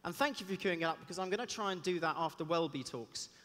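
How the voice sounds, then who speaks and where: A man, a cellist giving a lively talk on stage, chatty and joking in asides. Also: a little high, fast talker. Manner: chatty, self-deprecating, jokey asides. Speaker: conference speaker and cellist. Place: large hall on stage. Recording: long reverb of a big hall.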